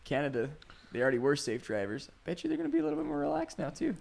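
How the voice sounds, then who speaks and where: A man's voice: fairly high pitch, wildly swooping pitch, racing, creaky, a little mellow. A man co-hosting a casual chat among friends, joking and laughing into his lines.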